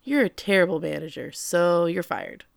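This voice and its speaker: A woman recapping a show with friends in a casual chat, slipping into characters' lines as she goes. Her voice is smooth and clear with a gravelly edge. The sound is dry and close. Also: on the low side, animated, moderate pace, no echo. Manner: playful, acts out characters' lines while recapping. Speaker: podcast co-host recapping an anime.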